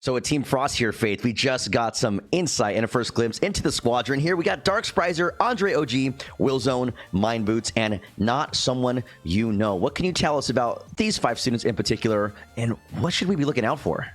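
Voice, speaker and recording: A man's voice: medium pitch, expressive. A man hosting a live esports broadcast, talking with many ums and restarts. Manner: halting, lots of ums and restarts. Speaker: esports caster host.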